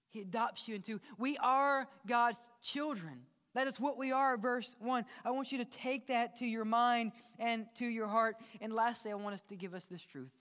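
A male pastor preaching a sermon to his congregation, dropping to hushed whispers and rising to emphatic peaks, speaking to them directly. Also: high voice, in a large hall. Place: church sanctuary.

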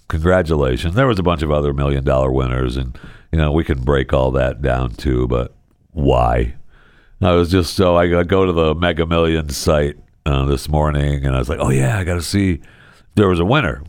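A man's voice: dry recording, studio quality. Sarcastic man hosting a chatty podcast. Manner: sarcastic, animated storytelling with big pitch jumps. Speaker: podcast host. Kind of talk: casual solo commentary.

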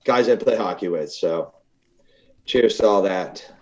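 A man with a very deep voice chats on a podcast, relaxed and rambling with frequent pauses. His audio is dull and lo-fi, as if over a remote call. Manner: relaxed, rambling, many uh fillers, blunt. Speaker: podcast co-host. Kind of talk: casual podcast chat.

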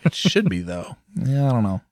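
A man co-hosting a podcast in relaxed, joking casual chat. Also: medium pitch, normal speed, no room sound, clean studio sound. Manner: relaxed, musing, jokey. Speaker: podcast co-host.

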